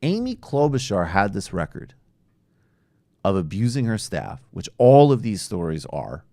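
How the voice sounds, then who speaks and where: A man's voice: lowish voice, huge pitch swings, unhurried, dark tone, no room sound, clean studio sound. A man hosting a casual political talk show, wry and rambling, with lots of fillers. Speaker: host.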